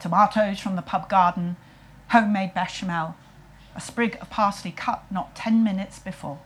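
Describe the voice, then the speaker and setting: A woman with a husky voice, telling a comic story in a wry, self-mocking way and putting on playful voices for quotes. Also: mid-range voice, fairly even intonation, moderate pace.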